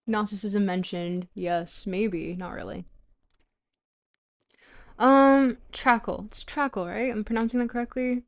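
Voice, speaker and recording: Casting: French-native woman streamer, halting read-aloud of dense philosophy, mid-pitched voice, casual asides to chat. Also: steady tone. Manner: halting reading with restarts and pronunciation checks. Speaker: streamer reading a book aloud.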